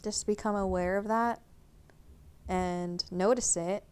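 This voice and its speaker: A woman's voice: mid-range voice, fairly even intonation, slow, a little mellow, clean tone. A woman co-hosting a podcast, chatting casually and giving encouraging, practical tips. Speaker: podcast co-host. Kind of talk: casual chat.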